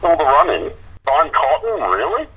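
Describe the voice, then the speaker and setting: A man's voice: fairly high pitch, very animated, moderate pace, bright, forceful tone, slightly rough. Smug teasing man on a phone call. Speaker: podcast co-host calling in.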